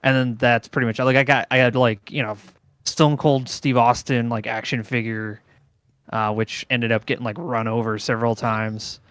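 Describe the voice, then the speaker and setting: A man chatting casually as a podcast guest, halting and trailing off. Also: mid-range voice, flat delivery, smooth, no room sound. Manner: halting, filler-heavy, trails off quietly. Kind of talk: casual chat.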